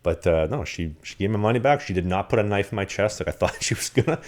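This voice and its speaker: A man co-hosting a podcast, telling rambling, animated stories in casual chat. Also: lowish voice, fast talker. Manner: animated, rambling anecdotes with acted-out quotes. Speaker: podcast co-host. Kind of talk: casual storytelling.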